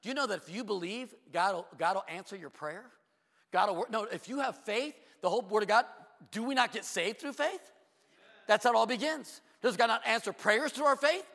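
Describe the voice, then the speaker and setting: A middle-aged man preaching a sermon, firing rhetorical questions and asides, sometimes dropping to a hush. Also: high-pitched, gravelly. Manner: animated preaching with quick asides, rhetorical questions and hushed drops. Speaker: pastor. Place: church sanctuary. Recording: long reverb of a large hall.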